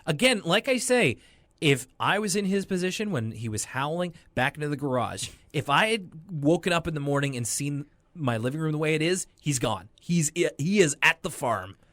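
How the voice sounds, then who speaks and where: A man's voice: fairly high pitch, expressive, normal speed, a bit bright, dry recording. A man co-hosting a podcast in casual chat, rambling and retelling cartoon scenes. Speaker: podcast co-host.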